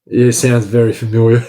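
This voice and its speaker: A man with an Australian accent, chatting casually on a livestream, answering viewer comments in relaxed slang. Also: medium pitch, roomy sound. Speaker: livestream host. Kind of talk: casual live chat reading comments.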